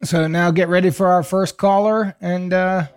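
A man's voice: high voice, fairly even intonation, smooth. A man from Chicago co-hosting a comedy advice podcast, chatting casually and laughing often. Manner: laughs often, quick acknowledgments. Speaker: podcast co-host.

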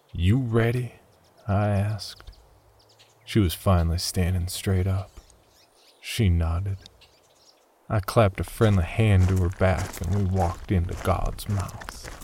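A man narrating a first-person horror story in a very deep voice. He reads slowly and steadily with a measured, somber delivery. His voice has a gravelly, creaky texture. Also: dark tone, a little hiss or hum.

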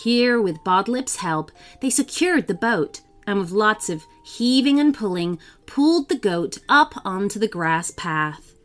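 A woman narrating a children's storybook in a lively, expressive reading voice. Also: mid-range voice, a little slow, hardly any pauses, faint music behind.

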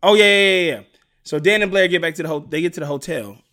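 Man, casual chat, fast talker, higher-pitched, animated, acts out lines. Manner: animated, acts out characters' lines in quick bursts. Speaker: podcast co-host recapping a TV show.

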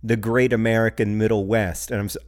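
A man's voice: on the low side, little pitch movement, fairly quick, darkish tone. A middle-aged man with a Midwestern US accent co-hosting a podcast in casual, wry, joking chat, often restarting sentences. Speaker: podcast co-host.

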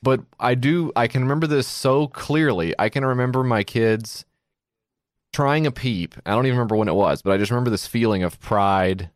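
A man's voice: mid-range voice, a little fast, dry recording, studio quality. A middle-aged man co-hosting a podcast, rambling through stories and acting out quoted voices in casual chat. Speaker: podcast co-host.

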